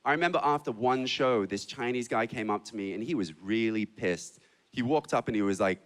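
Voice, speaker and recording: A man's voice: medium pitch, brisk. A young man from Hong Kong and Australia telling stories in a punchy stand-up comedy set on a club stage. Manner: animated storytelling, punchy delivery.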